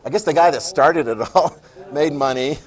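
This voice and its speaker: A man teaching a high school history lesson in a casual lecture style, full of sarcastic asides and telling students to write things down. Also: moderate pace.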